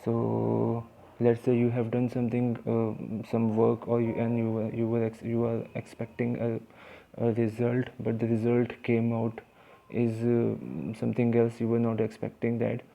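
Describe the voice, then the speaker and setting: A man's voice: medium pitch, monotone, unhurried, creaky, warm tone. A young man giving a casual vocabulary lesson, hesitant, with many restarts and fillers. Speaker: vocabulary teacher.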